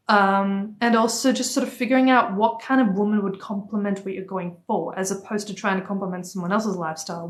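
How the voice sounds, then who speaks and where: A young woman dating coach with a non-native accent, talking directly and casually to viewers on a phone livestream. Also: mid-range voice. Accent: non-native accent, origin unstated. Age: young adult. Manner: direct, chatty, reads out viewer comments. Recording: echoey room.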